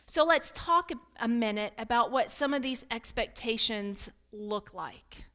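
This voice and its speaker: A pastor's wife from Kentucky with a slight Kentucky accent, giving an earnest, candid talk to a women's gathering and inviting answers from the room, with light self-deprecating humor. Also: female voice, a little high, animated, a little slow, fairly bright tone. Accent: Kentucky with some Northern mix. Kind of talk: candid teaching talk with audience participation.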